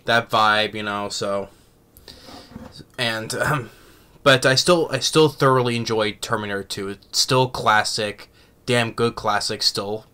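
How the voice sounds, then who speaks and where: A man's voice: fairly low pitch, bright, forceful tone, smooth. A young man giving a casual film review who rambles and halts, restarting his sentences often. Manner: rambling, halting, many restarts and fillers. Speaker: movie reviewer.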